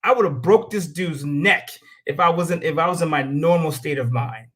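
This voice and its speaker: This US show host sounds a little high and fairly bright, keeping a moderate pace. His monologue is a blunt, profane rant full of strong opinions, with stories where he performs other people's lines.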